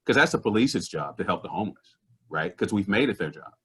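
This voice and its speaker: A man, a comedian, telling stories in conversation, animated and earnest, slipping into other people's voices. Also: fairly low pitch, fairly quick, slightly rough. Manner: earnest and indignant about social issues. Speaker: comedian guest. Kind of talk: conversational storytelling.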